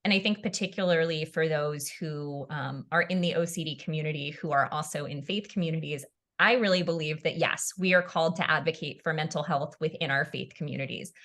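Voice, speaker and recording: A woman pastor speaking in an earnest, emotional, reassuring way, with pauses and fillers. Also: low voice, fairly bright tone. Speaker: pastor and mental health advocate. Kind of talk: heartfelt discussion.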